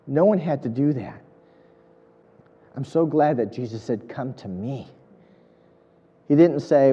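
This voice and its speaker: A man's voice: medium pitch, animated, normal speed, pauses often, long reverb tail, highs cut off. A man preaching an earnest, emphatic sermon, building points through repetition. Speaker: pastor.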